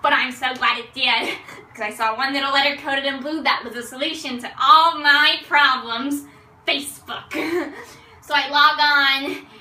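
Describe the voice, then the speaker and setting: A young woman performing a comic character monologue in a theatrical, excitable way, with dramatic slow pauses. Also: high-pitched. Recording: roomy sound from a distant mic.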